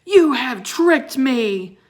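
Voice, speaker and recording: A raging ice wizard from a storybook, roaring and hurling accusations in a loud, raised voice, as a woman reads him aloud. He speaks slowly and heavily. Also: sits high, lively intonation, voice pushed up. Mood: enraged. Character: furious grief-stricken male ice wizard.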